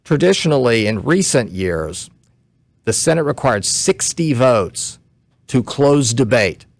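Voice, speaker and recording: A man's voice: mid-range voice, sing-song, no room sound. A man who is a guest commentator, explaining law step by step on a talk radio show, short on sleep. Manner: measured, explains step by step, some restarts.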